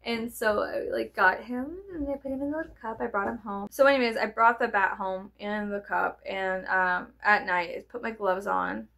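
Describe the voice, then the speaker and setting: A woman, telling rambling stories in a chatty, profane, animated way. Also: mid-range voice, normal speed, creaky, hardly any pauses. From American South. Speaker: vlogger. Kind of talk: rambling casual storytelling.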